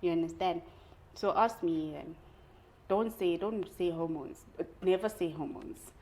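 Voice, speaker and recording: A young woman talking candidly in a casual conversation, telling her stories in an animated way and laughing often. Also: lowish voice, a little slow, rough recording. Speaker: guest.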